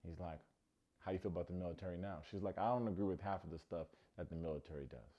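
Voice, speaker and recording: The recording cuts off the highs as a low-pitched man rattles off a fast, jokey recap of a reality dating show. He's animated and repeatedly imitates the cast's lines.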